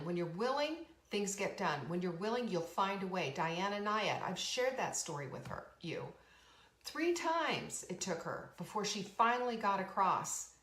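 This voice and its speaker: A woman's voice: medium pitch, fairly bright tone, echoey room. A woman hosting a motivational talk as a coach, speaking emphatically and earnestly with lots of repetition. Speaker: podcast host and coach.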